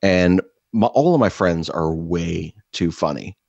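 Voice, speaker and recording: A man's voice: deep voice, unhurried, vocal fry, a little mellow, no echo, lo-fi sound. A young man co-hosting a podcast, telling rambling, profane stories in casual chat. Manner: swearing, rambling storyteller. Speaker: podcast co-host.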